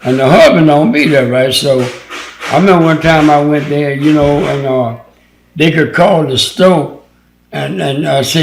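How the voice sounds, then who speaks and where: A man's voice: fairly high pitch, moderate pace, creaky, echoey room, slight background noise, low-quality recording. An older man from Louisiana telling stories from his youth in a loose, rambling way, full of "you know" and "right?" fillers, as an interview guest. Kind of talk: casual storytelling.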